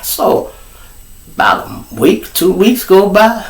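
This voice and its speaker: Man, Chicago accent, lively storytelling, swings loud and hushed, profane, echoey room. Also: high-pitched, slow pace. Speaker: show host. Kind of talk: animated storytelling to viewers. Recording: roomy echo.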